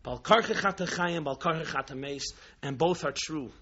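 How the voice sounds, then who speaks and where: A man's voice: fairly high pitch, moderate pace, bright, forceful tone, lo-fi sound. A man, a Jewish religious teacher, giving a sermon with a story, impassioned and full of rhetorical questions.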